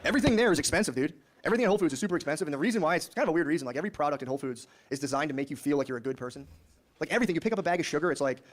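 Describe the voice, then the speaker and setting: Fast-talking young stand-up comic. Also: male voice, a little high, lively intonation. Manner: casual, rambling, riffing with lots of filler. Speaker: stand-up comedian. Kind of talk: stand-up comedy routine.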